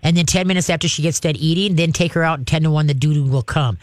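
Man, radio host, folksy dog advice, slightly high voice, dry close sound. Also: fast, dry recording. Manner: folksy, chatty, repeats "okay?" and "all right?".

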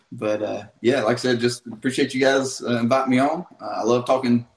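A man's voice: medium pitch, fairly even intonation, normal speed, echoey room, low-quality recording. A man from North Carolina with a strong Southern accent, a guest telling easygoing stories with many fillers over a call. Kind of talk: casual interview on a call.

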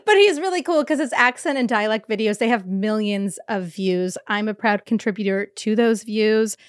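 A woman co-hosting a podcast in casual chat, enthusiastic and quick to laugh, recorded in a virtual session. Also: mid-range voice, clean tone, dry recording, studio quality. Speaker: podcast co-host. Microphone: remote recording, dry sound.

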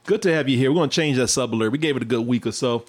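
A man's voice: mid-range voice, rapid-fire. A man hosting a casual livestream chat, joking and laughing often, with a tickle in his throat. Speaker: livestream host.

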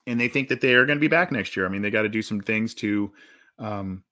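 A man's voice: lowish voice, fast talker, sharp tone. A man hosting a sports podcast, talking casually and rambling, with many restarts and fillers. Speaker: podcast host.

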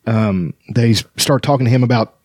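A man reads long passages from a fantasy novel, now and then tripping over words and breaking off for casual remarks. His voice sits at a middle pitch, and the recording is close and dry, with no room sound. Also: a little fast, darkish tone, no room sound. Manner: reads with stumbles and restarts, chatty asides. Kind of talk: reading aloud from a novel with commentary.

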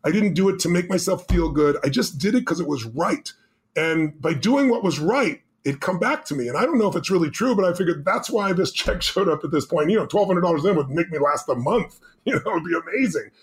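Guy on a podcast telling a story, high voice, talks fast, acts out the quotes. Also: expressive. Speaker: guest.

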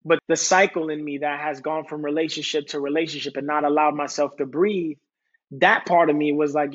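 A man in his thirties, a podcast guest talking candidly and haltingly, often repeating words and restarting his sentences. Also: a little high, little pitch movement, highs cut off. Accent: New York. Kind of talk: candid conversational talk.

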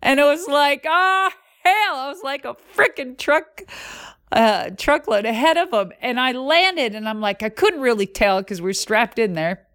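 A middle-aged woman hosting a podcast, telling a racing story in a lively, profane way with vocal sound effects. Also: high voice, moderate pace. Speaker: podcast host and former monster truck driver.

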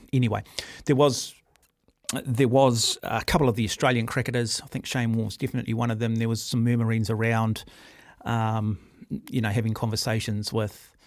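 A middle-aged New Zealand man hosts talkback sports radio from a studio mic, forthright and ranting in an average-pitched voice. The sound is close and dry, with no room around it. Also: no echo. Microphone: studio microphone.

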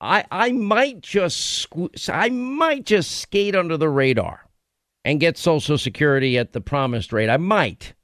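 A man's voice: a little high, animated, a little slow, fairly bright tone, dry recording, clean studio sound. A man hosting a talk radio show, ranting in a sarcastic, combative way.

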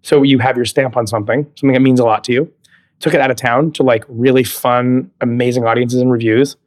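A man's voice: mid-range voice, fairly even intonation, quick pace. A man in his thirties from California, a guest on an interview podcast, telling stories animatedly, laughing often and acting out quoted dialogue. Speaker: guest, Broadway actor. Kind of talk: casual interview chat.

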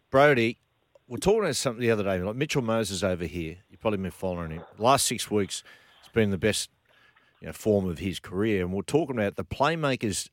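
A man's voice: on the low side, dry recording, clean studio sound. An Australian man hosting a radio show, chatty and matey, asking rambling questions of a guest. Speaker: radio host. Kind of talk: radio show chat and ad reads.

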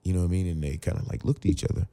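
Male guest, around 40, deep and dark-toned, animated storyteller who plays out the dialogue himself. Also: very fast. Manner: animated storyteller who acts out both sides of conversations. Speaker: podcast guest, actor and former pro football player. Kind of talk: casual storytelling interview.

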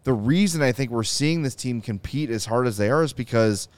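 Guy hosting a sports podcast, clean smooth voice, dry close mic, gets fired up. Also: medium pitch, a little fast, no echo. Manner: animated, emphatic, quotes players in asides. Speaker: podcast host. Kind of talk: casual sports talk.

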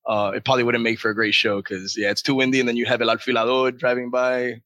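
Bright, easygoing man with a Miami accent. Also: mid-range voice, level tone, quick pace, no echo. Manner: easygoing, jokey, laughs often. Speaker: podcast guest. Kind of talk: casual chat. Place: indoors at home.

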